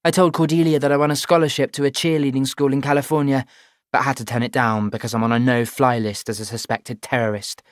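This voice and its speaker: A man's voice: mid-range voice, level tone, no room sound, clean studio sound, pitched above the performer's own voice, close to an everyday voice. A man doing a defiant, sarcastic teenage girl. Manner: defiant, sarcastic, quick retorts. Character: guarded, sharp-tongued teenage girl in care. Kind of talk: audiobook reading.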